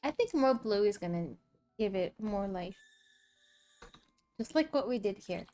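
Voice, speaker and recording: A woman chats easily with her viewers while she sketches, her voice sitting at an ordinary middle pitch. She laughs often and talks while she eats. Faint music plays under her voice. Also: animated, unhurried, mellow. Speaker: art streamer. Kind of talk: casual chat while drawing.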